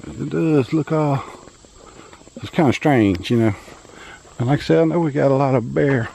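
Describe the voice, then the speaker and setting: Gravelly Louisiana man vlogging a hike. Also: mid-range voice, moderate pace, mellow, a little hiss or hum, low-quality recording. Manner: rambling, joking, folksy. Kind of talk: casual hiking vlog narration. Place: outdoors in a pine forest.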